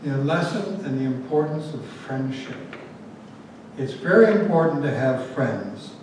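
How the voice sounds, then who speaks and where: A man's voice: mid-range voice, unhurried. A man preaching to a gathered audience, telling a fable with playful asides before drawing out its lessons. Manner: lively storyteller, adds asides and jokes. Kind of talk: storytelling sermon. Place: large room with a gathered audience. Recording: very echoey, distant, faint noise.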